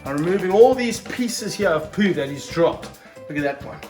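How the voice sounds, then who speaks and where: An energetic man, handling and filming a snake outdoors for his vlog, exclaiming and coaching a helper. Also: high-pitched, normal speed. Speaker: snake handler and wildlife vlogger. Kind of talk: excited hands-on wildlife vlog. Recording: roomy sound, mic held off at a distance, faint music behind.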